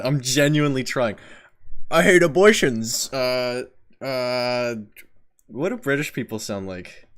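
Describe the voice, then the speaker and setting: A male streamer talks slowly and casually while he plays. His pitch leaps up and down with excitement as he jokes with his viewers. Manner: excitable, joking, reacting to chat. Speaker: game streamer. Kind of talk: casual live-stream chat.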